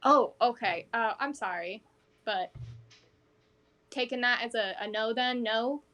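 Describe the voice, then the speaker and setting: A woman's voice: on the high side, a little slow, pushed and bright, dull audio. A woman player in a tabletop role-play game, speaking her character's lines in her own everyday voice.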